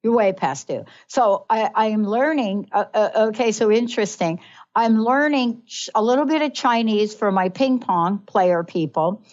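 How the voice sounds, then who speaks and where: A woman's voice: on the high side, moderate pace, darkish tone. A woman hosting a radio talk show, talking in a reflective way and often checking in with her listener. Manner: reflective, keeps asking "right?". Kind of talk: casual radio chat. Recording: slightly dull lo-fi sound.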